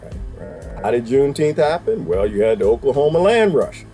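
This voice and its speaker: A man giving casual reaction commentary to a clip, emphatic and animated, throwing out rhetorical questions and laughing as he talks. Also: medium pitch, normal speed, faint music behind. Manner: colloquial, laughs while talking.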